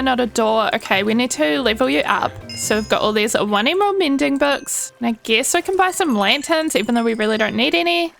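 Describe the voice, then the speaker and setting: A woman's voice: high-pitched, vocal fry, fairly bright tone. A young woman giving bubbly, chatty gameplay commentary, cooing at the animals in her game. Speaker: Minecraft YouTuber. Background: faint background music.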